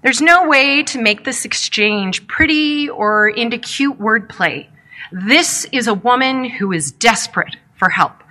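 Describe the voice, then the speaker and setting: A woman delivers a sermon with a reflective, measured pace, posing questions to her listeners as she retells a story. Her voice is very bright and sits somewhat high. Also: animated. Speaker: preacher.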